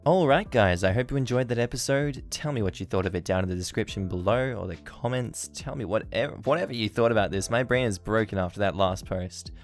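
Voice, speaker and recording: A man's voice: lowish voice, fairly quick, hardly any pauses, faint music behind. A man hosting a channel, reading online stories aloud and adding amused comments between them. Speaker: story-channel host.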